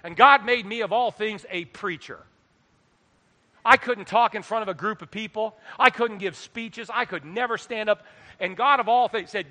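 A middle-aged man preaching a sermon into a microphone, animated, swinging between quiet asides and loud exhortation. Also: high-pitched, normal speed. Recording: long hall reverb.

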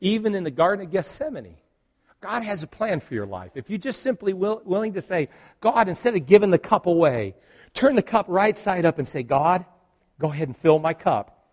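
A man's voice: sits high, sing-song, normal speed, a little mellow. A middle-aged male pastor telling a personal story in a sermon, acting out the lines of the people in it.

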